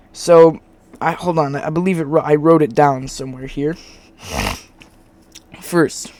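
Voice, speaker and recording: A man's voice: on the high side, a little mellow. A man making a video, reading a script he wrote and explaining an argument while he draws, rambling and often breaking off to restart. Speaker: video creator. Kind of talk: scripted argument over screen drawing.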